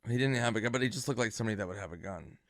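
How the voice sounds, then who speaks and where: A middle-aged man, a comedian, rambling through a self-mocking backstage story and loudly acting out the others in it. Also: lowish voice, rapid-fire, no room sound, clean studio sound. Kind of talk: anecdote on a podcast.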